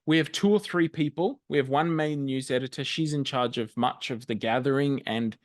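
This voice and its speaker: Middle-aged Australian man, conversational webinar presenter, mid-pitched, dry video-call sound. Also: normal speed, dry recording. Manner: conversational, with frequent ums and restarts. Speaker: church magazine editor presenting a webinar.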